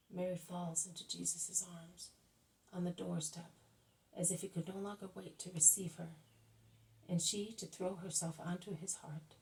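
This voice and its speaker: A woman reading a spiritual book aloud, calm and measured, as the channel's reader. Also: fairly low pitch, gravelly, recorded from a distance, low-quality recording. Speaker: audiobook reader.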